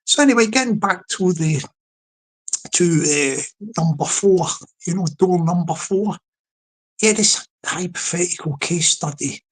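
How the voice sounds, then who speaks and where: A man with a London accent hosting a late-night solo live stream, telling a humorous hypothetical story in a rambling, halting way, full of restarts and greetings to the chat. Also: fairly high pitch, husky.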